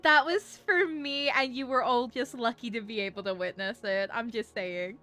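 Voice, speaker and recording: A woman from Australia co-hosting a game stream, teasing her friend, excitable and quick to swear. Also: a little high, faint music behind. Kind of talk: casual game-stream chat.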